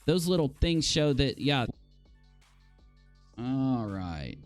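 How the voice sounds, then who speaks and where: A man's voice: medium pitch, sing-song, slow pace, long pauses, darkish tone, soft background music. A man hosting a nightly live-stream talk show, reading viewer comments aloud and reacting in an exasperated, incredulous way. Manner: exasperated, incredulous, rambling with sighs and repeated exclamations. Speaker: podcast talk show host.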